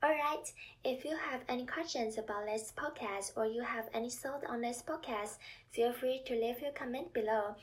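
A woman teaching a language lesson, speaking with slow, careful enunciation and leading repeat-after-me drills. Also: on the high side, far from the mic.

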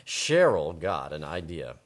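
Low-voiced woman reading a story. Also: takes it slowly. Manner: relaxed, laughing, playful. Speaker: co-host and story reader. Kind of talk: bilingual chat with storybook reading.

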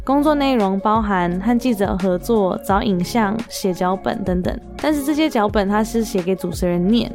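A woman podcast host narrating a voice-over in a steady, explanatory way. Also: mid-range voice, normal speed, hardly any pauses. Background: faint music.

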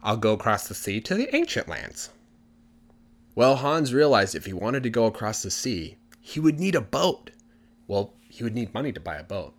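A man's voice: lowish voice, a bit bright. A man telling a fairy tale in a casual, chatty way, dropping in fillers like "you know" and "like". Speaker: storyteller. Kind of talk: casual storytelling for English listening practice.

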